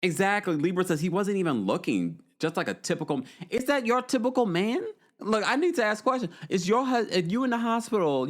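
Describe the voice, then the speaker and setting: A man hosts a casual recap show, talking in a chatty, opinionated way and reading viewer comments aloud. His fairly high voice swoops up and down. He laughs often as he goes. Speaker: podcast host. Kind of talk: casual reality-TV recap, reading live chat.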